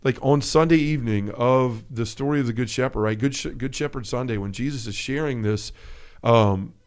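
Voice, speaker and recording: A man co-hosting a faith podcast in a relaxed chat. He tells a story with energy and acts out the quotes. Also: mid-range voice, fairly quick, clear, resonant tone. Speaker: podcast co-host.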